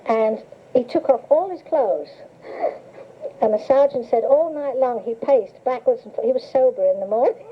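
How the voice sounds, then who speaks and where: An older woman recalls memories for an interviewer, her voice on the high side and her pace moderate. Her reminiscing is relaxed and talkative, told like stories and punctuated by frequent laughter, all captured on hissy, tinny cassette tape.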